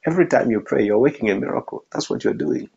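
A man's voice: medium pitch, fast, gravelly, warm tone, highs cut off, a little hiss or hum. A man preaching a sermon, emphatic, repeating his phrases for effect.

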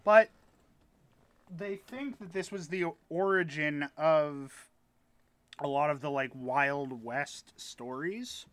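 A man's voice: on the high side, takes it slowly, fairly bright tone, no room sound. A man telling a rambling story in casual chat with friends, swearing now and then. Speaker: podcast co-host telling a story.

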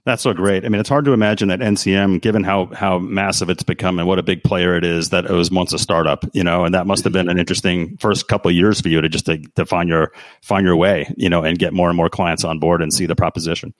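A man hosting an interview who talks fast in a very low voice. His questions run long and eager. The sound is dry and close. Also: steady tone, dry recording. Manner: enthusiastic, asks long rambling questions. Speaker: interview host. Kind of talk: casual interview conversation.

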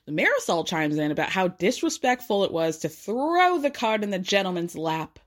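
A woman's voice: mid-range voice, sing-song, brisk. A young adult woman giving a casual, gossipy and sarcastic recap of a reality show episode.

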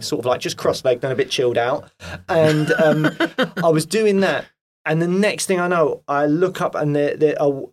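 A man chatting casually as a guest actor, telling animated stories with lots of fillers and "mate". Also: fairly high pitch. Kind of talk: casual chat.

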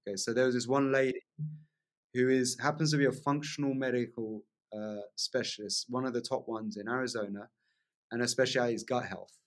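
A man telling a long personal story as a podcast guest, in a lively casual way, often asking "right?" along the way. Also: mid-range voice, a little fast. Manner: animated storyteller, frequent "like" and "right?" tags.

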